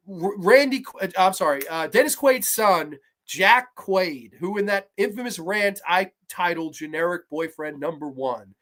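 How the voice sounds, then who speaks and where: A woman in her thirties hosting a horror movie review show, ranting with heavy profanity and sarcasm, swinging between low mutters and sudden shouts. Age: 30s.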